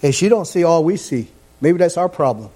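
Fervent man preaching, pitch soaring. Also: animated, brisk. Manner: fervent, rising to near-shouts, repeats phrases. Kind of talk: sermon.

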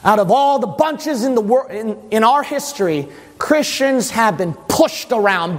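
A male preacher delivering a dramatic sermon, swinging into shouting and sing-song stretches. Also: sits high, moderate pace, hardly any pauses. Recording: long hall reverb.

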